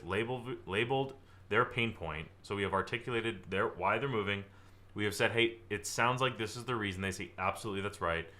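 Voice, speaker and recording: Lively young male sales trainer, bright tone, likes to exaggerate. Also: on the low side. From Southern California. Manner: energetic, acts out client dialogue, exaggerates for effect. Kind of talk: live online training presentation.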